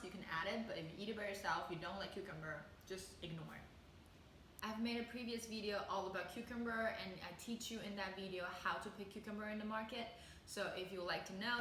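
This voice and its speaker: Woman cooking host, mid-pitched, friendly how-to chat, stretched teaching words, roomy kitchen echo with faint background hum. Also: a bit bright. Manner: chatty and instructive, drawing out words to model tones. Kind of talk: cooking video and language lesson. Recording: echoey room with faint ambience.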